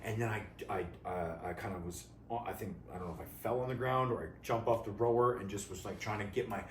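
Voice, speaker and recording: A Canadian man co-hosting a casual chat, an animated storyteller who is quick to laugh. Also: lowish voice, far from the mic. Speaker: co-host and athlete. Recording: echoey garage, voice a little off-mic, faint noise.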